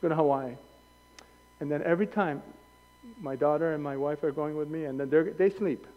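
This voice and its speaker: A male pastor preaching a sermon in an animated way, acting out voices and wandering into anecdotes with self-corrections. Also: a little high, normal speed, long reverb tail, muffled recording, a little hiss or hum. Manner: animated, acts out quoted voices. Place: church hall.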